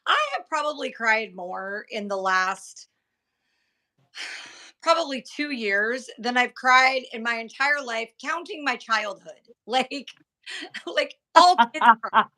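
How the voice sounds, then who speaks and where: A woman's voice: fairly high pitch, lively intonation, takes it slowly, bright, forceful tone. A woman in her forties hosting a casual chat, rambling with fillers and laughing easily. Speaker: host.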